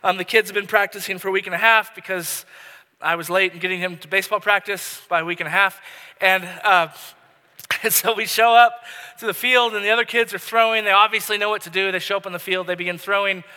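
A male pastor in his thirties delivers a sermon in a loose, conversational storytelling style, often restarting his sentences. His voice is high and very bright. The recording carries a long hall reverb. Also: steady tone, quick pace, smooth.

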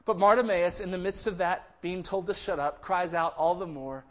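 A man's voice: high voice, steady tone, normal speed, hardly any pauses. A man preaching a sermon in a conversational way, often restarting phrases and acting out quoted voices. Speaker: pastor.

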